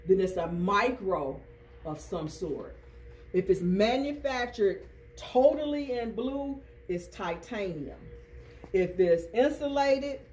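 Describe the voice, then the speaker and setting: Medium in pitch with a darkish tone, this instructor's voice comes through a distant classroom recording with faint noise. Leading a class, the teacher repeats terms rhythmically and quizzes students in call-and-response fashion.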